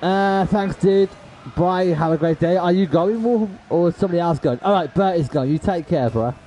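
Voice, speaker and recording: This streamer's high-pitched, warm voice keeps a moderate pace over lo-fi sound with a bit of hiss or hum. He addresses chat casually while playing, throwing around slang and "bro," raging and cursing at plays before apologizing.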